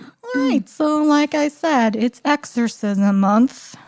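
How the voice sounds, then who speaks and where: A woman's voice: high voice, animated, takes it slowly, darkish tone. A woman co-hosting a book podcast who jokes and giggles through casual chat, then reads a book synopsis aloud. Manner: giggly, joking, trails off with fillers. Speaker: podcast co-host.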